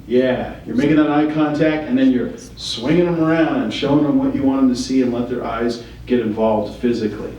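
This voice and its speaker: A man's voice: mid-range voice, steady tone, brisk, few pauses, dark tone, dull audio, slight background noise. A man leading a training session, asking the group questions and giving feedback. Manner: coaching, asks the group questions. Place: training room. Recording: echoey room from far off.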